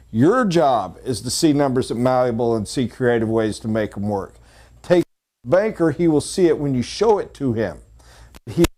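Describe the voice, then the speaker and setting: A man giving a sales training talk, blunt and joking, who addresses his audience directly with quick asides. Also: mid-range voice, mellow. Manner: blunt, joking, pointed emphasis.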